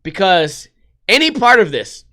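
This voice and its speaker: Comic host reacting to headlines, bright voice, big swings in pitch. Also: male voice, measured pace. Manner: animated, profane, laughing asides. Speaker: comedy commentator. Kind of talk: comic reading of news articles.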